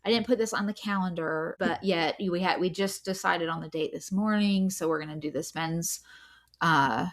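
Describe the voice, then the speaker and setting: A woman's voice: fairly low pitch, moderate pace. A woman co-hosting a podcast, telling a story in casual chat, chatty and full of fillers, often breaking into laughter. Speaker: podcast co-host.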